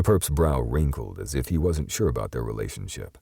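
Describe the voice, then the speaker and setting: Very deep gravelly male narrator. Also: animated, normal speed, few pauses, mellow, no room sound, clean studio sound. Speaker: audiobook narrator. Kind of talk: scripted audiobook narration.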